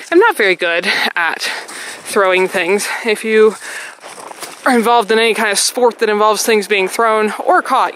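A woman's voice: mid-range voice, fairly bright tone, slight background noise, low-quality recording. Woman out on a snowy walk, camera mic, slightly winded, just chatting to the viewers. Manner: chatty, praises dog often. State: a little out of breath. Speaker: vlogger. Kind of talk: casual vlog narration while walking a dog. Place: outdoors on a snowy trail.

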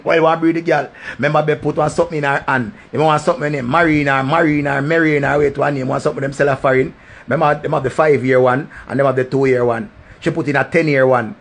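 A man's voice: fairly high pitch, fairly even intonation, quick pace. A man with a Jamaican accent speaks in a somewhat raised register. He tells a long, meandering story in heavy patois. His talk is crude and thick with swearing. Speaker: vlogger. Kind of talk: rambling storytelling.

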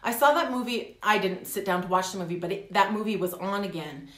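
A middle-aged woman talking candidly in a personal vlog, animated and laughing often. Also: medium pitch, fairly quick, reverberant. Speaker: vlogger. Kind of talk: casual personal vlog talk.

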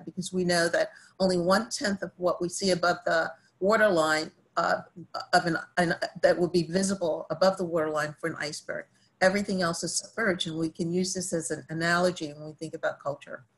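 A woman's voice: lowish voice, low-quality recording. A woman giving a training webinar, talking in a conversational way with frequent ums. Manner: conversational, many fillers. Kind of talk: webinar presentation.

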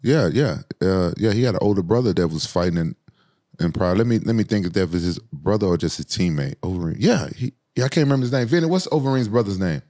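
A man in his forties, a podcast co-host, telling profane, animated stories in casual chat. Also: quick pace. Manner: animated, profane, jumps to high voices for quoted people. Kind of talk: casual storytelling.

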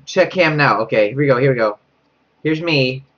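A young man gives live commentary on a horror game, animated and fairly bright in tone at a moderate pace. He reads the chat aloud while panicking, laughing nervously, and repeating himself. The recording comes through a dull, low-quality mic.

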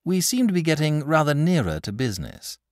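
An eager, blunt storybook boy, as a man voices him, pitched high with a bouncing, lively delivery. The sound is dry and close. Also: brisk, no echo. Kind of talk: audiobook character voice.

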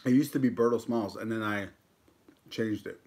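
A man's voice: fairly low pitch, moderate pace, darkish tone. A man in his thirties from the United States, chatting casually and joking while eating on a live stream, swearing freely. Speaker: mukbang YouTuber.

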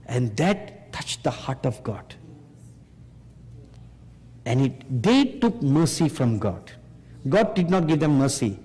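A man preaching a sermon, slow and emphatic, pressing his listeners with rhetorical questions. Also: mid-range voice, sing-song, darkish tone, husky. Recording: long hall reverb.

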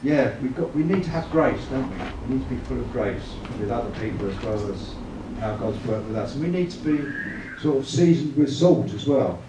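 A man's voice: medium pitch, expressive, moderate pace, few pauses. A man giving a church evangelism talk, chatty, often asking the room tag questions. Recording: echoey room, mic far off, clear noise.

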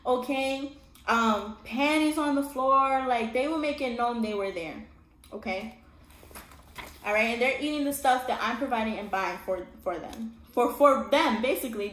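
A woman's voice: on the high side, a bit bright. A woman telling her own story in a casual storytime monologue, emphatic and often checking in with her listener. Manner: emphatic, keeps checking in with "all right?" and "okay?". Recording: echoey room with faint background hum.

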